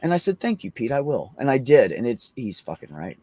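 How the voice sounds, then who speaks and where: A man chatting casually on a podcast, telling excited stories and swearing often. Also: medium pitch, a little fast, no echo. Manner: excited storytelling, frequent swearing. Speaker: podcast host. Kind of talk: casual chat.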